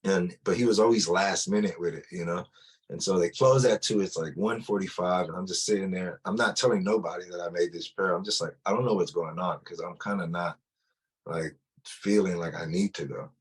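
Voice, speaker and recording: Low husky-voiced man telling his story. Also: a little fast. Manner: loose and conversational, full of "like" and restarts. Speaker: testimony speaker. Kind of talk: personal testimony storytelling.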